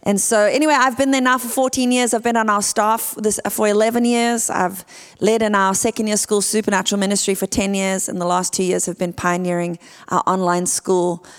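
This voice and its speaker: A woman in her thirties with a South African accent, preaching a sermon as a guest speaker in a lively, chatty way. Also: mid-range voice, brisk, clean tone. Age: 30s. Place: church sanctuary. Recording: church hall with long reverb.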